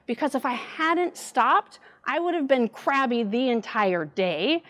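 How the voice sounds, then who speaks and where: Lively middle-aged woman giving devotional talk. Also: high voice, a little slow. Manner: animated storytelling. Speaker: church speaker.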